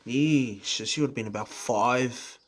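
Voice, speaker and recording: A man from New Zealand with a New Zealand accent, giving a candid personal testimony in a halting way, full of fillers, restarts and casual swearing. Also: medium pitch. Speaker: vlogger sharing his recovery story.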